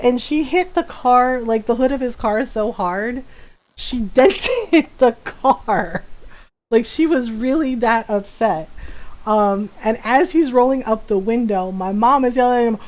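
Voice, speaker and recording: A woman's voice: fairly high pitch, unhurried. Chatty woman streamer telling a story. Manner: animated, laughs often, many fillers and tag questions. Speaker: game streamer. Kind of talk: casual storytelling chat while gaming.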